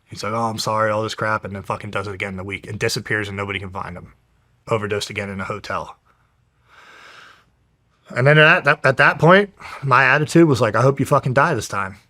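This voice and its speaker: A young man from New Jersey tells his story as an interview guest. His voice sits low and pushes hard and tense. He talks bluntly and swears all the time. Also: a little fast, long pauses, bright, forceful tone. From New Jersey, USA. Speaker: guest, professional fighter. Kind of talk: casual storytelling.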